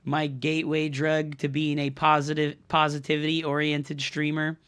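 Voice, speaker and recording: A young man streaming a strategy game live, his voice sitting fairly high and sounding bright and forceful. He talks to his chat in a rush of excitable, profane commentary as he plays. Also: moderate pace, clean tone. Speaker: streamer and coach.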